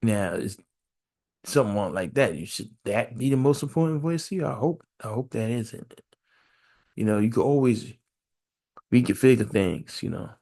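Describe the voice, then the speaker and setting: A man's voice: mid-range voice, lively intonation, normal speed, warm tone. A man hosting a solo podcast, musing aloud in a casual, repetitive way and firing off one rhetorical question after another. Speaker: podcast host.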